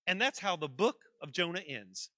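A man preaching a sermon in a church, calling out to the congregation and building to loud, emphatic peaks. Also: sits high, very animated, moderate pace, no echo.

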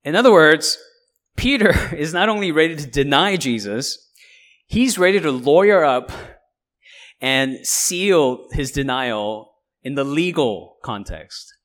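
A man's voice: on the high side, slow. A man giving a verse-by-verse Bible teaching, who explains in a conversational way and often checks in with "right?". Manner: explains and paraphrases in lively asides.

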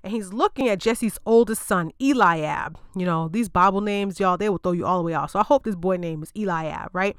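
A woman host retelling a Bible story in a loose, slangy way, breaking off for joking asides to her listeners. Her voice is smooth and clear, recorded dry and close with no room sound. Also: mid-range voice, a little fast, hardly any pauses, no room sound. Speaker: podcast host.

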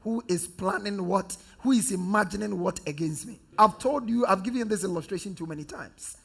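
A man from Ghana preaching a sermon, leading the congregation in call-and-response and swinging from loud declarations to hushed repetition. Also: high-pitched, fairly quick, vocal fry, breathy edge. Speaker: pastor.

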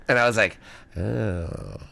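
Deep-voiced man in relaxed chat. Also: slow pace, gravelly, no room sound. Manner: relaxed, says "like" a lot, laughs often. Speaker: podcast co-host. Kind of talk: casual chat.

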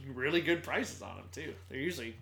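A man co-hosting a film podcast in casual chat, telling relaxed, rambling anecdotes with fillers. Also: medium pitch, brisk, gravelly, a little hiss or hum. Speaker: podcast co-host.

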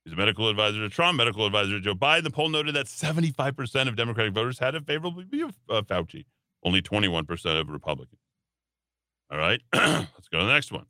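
Animated, sarcastic talk radio man. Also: mid-range voice, quick pace, no echo. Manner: animated, sarcastic and rambling, with mock voices. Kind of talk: opinionated radio commentary. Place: radio studio.

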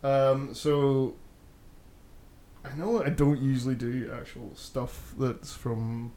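Man, podcast co-host, easygoing casual talk, middle pitch. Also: fairly even intonation, takes it slowly, mellow.

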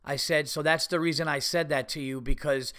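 A man hosts his show alone, ranting about a rude exchange with plenty of swearing. His voice is bright and sharp, pitched a little high. He slips into imitations of the people he quotes. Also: steady tone, a little fast. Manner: profane, heated, mimics others' voices. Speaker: podcast host. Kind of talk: ranting monologue.

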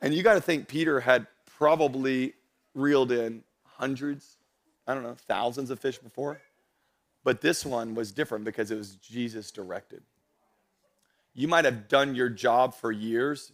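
Energetic pastor preaching a sermon. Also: male voice, medium pitch, moderate pace. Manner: energetic, rises to loud emphatic preaching; jokes with the congregation. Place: church stage before a congregation.

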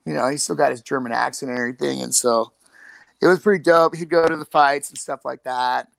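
Gravelly older guy swearing thru rambling stories, dry close sound. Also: mid-range voice, fairly even intonation, a little fast, a bit bright, no room sound. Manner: profane, rambling storyteller. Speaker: guest. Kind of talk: casual chat.

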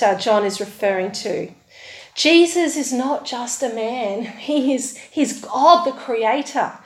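A woman preacher reading scripture aloud and giving a sermon, talking slowly with rhetorical tag questions. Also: a little high, reverberant, rough recording. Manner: slow, warm conversational preaching with tag questions.

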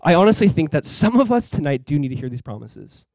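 A male pastor in his thirties preaching a sermon in a conversational, animated way, with quick asides. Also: a little high, creaky, dry recording.

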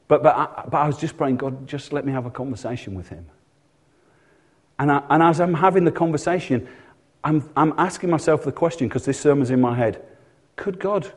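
A man's voice: medium pitch, darkish tone, breathy edge. A male pastor preaching a sermon in a church, telling stories and acting out voices in dialogue.

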